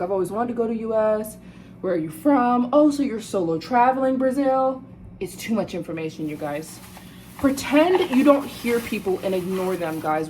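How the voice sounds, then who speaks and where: An American woman vlogging to her viewers, telling a story in a lively, indignant way and often calling out to "you guys.". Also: mid-range voice, slight background noise, low-quality recording. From United States. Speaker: travel vlogger. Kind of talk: casual storytelling to camera.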